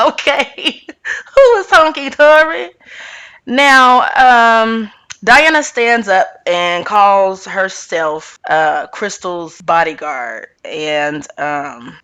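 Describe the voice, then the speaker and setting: Sassy bright-voiced woman recapping gossip. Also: on the low side. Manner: animated, sassy, talks straight to viewers with "girl" and "honey". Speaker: reality TV recap vlogger. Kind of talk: casual chatty recap.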